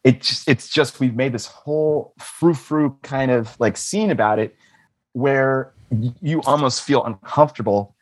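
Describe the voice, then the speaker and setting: A man's voice: medium pitch, a little slow. A man on a podcast telling rambling comic stories, laughing often and swearing. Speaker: podcast guest. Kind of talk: casual comedic storytelling.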